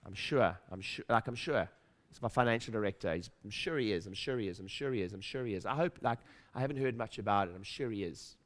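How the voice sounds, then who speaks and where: Middle-aged guy on stage at a seminar, lowish voice, keeps repeating himself and quizzing the crowd. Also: quick pace. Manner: emphatic, repeats phrases, acts out his own inner voice, asks the audience questions. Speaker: speaker at a practice-building seminar. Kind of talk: motivational stage talk. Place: stage in a room with an audience.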